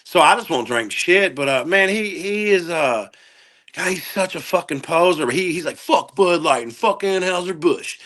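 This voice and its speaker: Man, podcast guest, casual talk, profane, animated storytelling, bright forceful tone. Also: fairly high pitch, moderate pace. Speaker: guest comedian.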